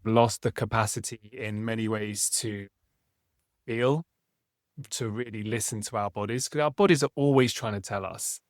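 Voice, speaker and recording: A man's voice: on the low side, steady tone, moderate pace, no echo, studio quality. A man hosting a podcast, talking in a reflective, conversational way and often ending with tag questions. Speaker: podcast host. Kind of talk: casual conversation.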